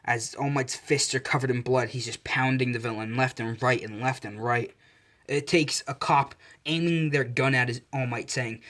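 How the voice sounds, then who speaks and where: A man's voice: medium pitch, a bit bright. A man narrating a fan fiction story casually, often correcting himself mid-sentence.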